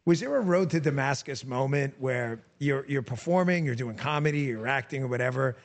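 A man's voice: medium pitch, brisk. A man hosting a podcast, speaking in a direct, emphatic way and repeating points for effect. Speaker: podcast host. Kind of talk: interview and show sign-off.

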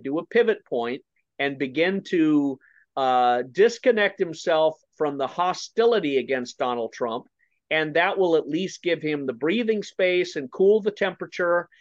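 Opinionated guy ranting about politics, dry dull lo-fi audio, repeats himself a lot. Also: no room sound. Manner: forceful, repeats words, drops to low then rises. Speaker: political commentator guest.

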